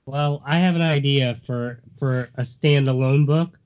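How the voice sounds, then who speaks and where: Jokey podcast guy, deadpan, kinda muffled lo-fi. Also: mid-range voice, measured pace. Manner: joking, deadpan jokes. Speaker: podcast co-host. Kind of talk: casual podcast chat. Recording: muffled lo-fi audio.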